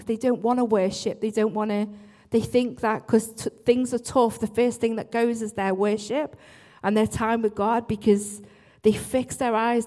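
A woman worship leader with a somewhat high, slightly mellow voice gives an earnest church talk. She frequently interrupts herself, restarts, and makes apologetic asides.

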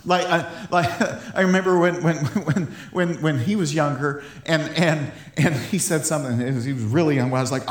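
A man with a somewhat high voice gives an informal Bible teaching with real enthusiasm. He laughs often and trips over repeated words as his thoughts run ahead. The room around him has a noticeable echo. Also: normal speed, few pauses.

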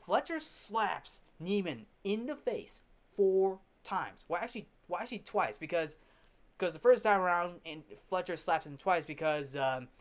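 A man's voice: sits high, lively intonation, a little slow. A man hosting a film review, recapping scenes casually with many restarts and repeated words.

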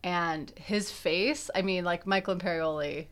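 A young woman co-hosts a casual chat, her voice on the lower side. She thinks aloud, piling up fillers and restarting sentences as she works toward a point. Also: measured pace, a bit bright. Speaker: podcast co-host.

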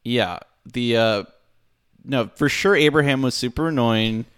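A man co-hosting a podcast, recapping a movie plot in a relaxed, wry way. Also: mid-range voice, unhurried, clear, resonant tone. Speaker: podcast co-host. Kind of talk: casual movie review chat.

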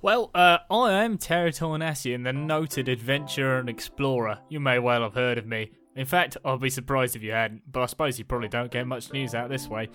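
A man's voice: mid-range voice, fairly quick, few pauses, a bit bright, lightly acted. A man voicing a boastful, self-important male adventurer.

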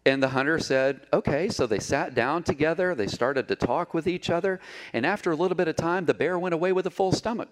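A man's voice: a little high, fairly quick. A middle-aged man preaching a sermon as pastor, telling stories with humor and joking with the congregation. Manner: animated storytelling, jokes with the congregation.

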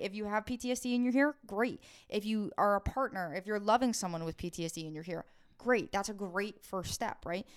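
Encouraging young woman with a smooth voice. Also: mid-range voice. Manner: warm-hearted, encouraging, affirming. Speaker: podcast co-host. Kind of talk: casual chat.

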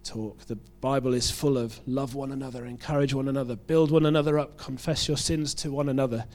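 A man from the UK with a British accent, preaching a sermon in a relaxed, conversational way, joking at his own expense and often restarting his phrases. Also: mid-range voice, a little fast. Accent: British English. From United Kingdom. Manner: conversational, self-deprecating, with frequent restarts.

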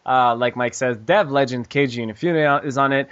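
A man's voice: mid-range voice, normal speed, fairly bright tone, clear, resonant tone, no echo, lo-fi sound. A man hosting a gaming podcast, joking around loosely and reading out news with plenty of "uh" and "um". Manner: joking, loose, with frequent "uh" and "um" and giggles. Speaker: podcast host. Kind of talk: casual chat with news reading.

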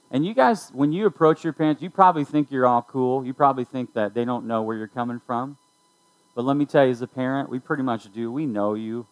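A middle-aged man speaking as a youth pastor in an easy, conversational sermon. He tells stories and addresses students directly, with a voice of ordinary, middle pitch. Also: poor audio.

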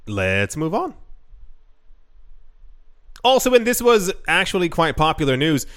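A man's voice: high voice, fairly bright tone. A man hosting a casual crypto news show, reading headlines with sarcastic asides and frequent restarts.

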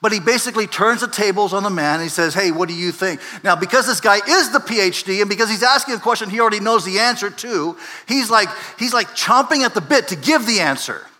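A man preaching a sermon as pastor, conversational and animated, swinging from loud emphasis to quiet asides and often asking "right?". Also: sits high, quick pace, hardly any pauses. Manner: conversational, repeats words and asks "right?".

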